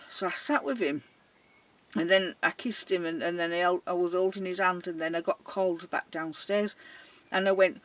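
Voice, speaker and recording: Brief: care worker spinning a lively anecdote, mid-pitched, slightly off-mic. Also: normal speed. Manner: animated, dialect-heavy, often laughing, acting out the voices in the story. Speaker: storyteller. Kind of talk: personal anecdote, casual storytelling. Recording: voice a little distant from the mic.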